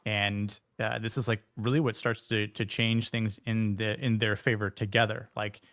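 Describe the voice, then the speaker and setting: Halting male podcast host, dry close sound. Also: fairly low pitch, flat delivery, fairly bright tone, dry recording. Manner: hesitant, many fillers and restarts. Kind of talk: casual discussion.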